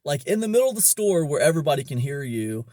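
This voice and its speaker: A man's voice: fairly high pitch, very animated, fast, dark tone, no echo. Rambling man, dry close sound. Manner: rambling, many fillers and restarts. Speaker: online business vlogger. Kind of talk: casual storytelling monologue.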